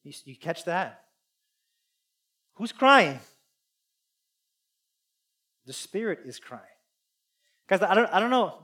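A man preaching a sermon, earnest and confessional, swinging between loud appeals and hushed asides. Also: high voice, very animated, slow, long pauses. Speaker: pastor.

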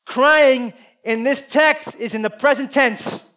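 Earnest high-voiced male preacher. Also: slow. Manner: earnest and confessional, swings from loud to hushed. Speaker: pastor. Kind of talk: sermon.

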